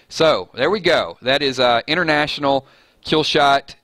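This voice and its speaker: A man's voice: mid-range voice, measured pace, sharp tone, no echo. A man hosting a casual live chat stream, rambling and laughing at his own jokes.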